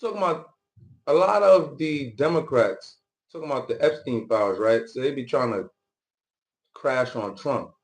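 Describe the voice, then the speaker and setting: A man's voice: medium pitch, normal speed. Slangy man reacting to news clips. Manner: loose, slangy, talks back at clips. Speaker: political commentary host. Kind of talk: casual reaction commentary.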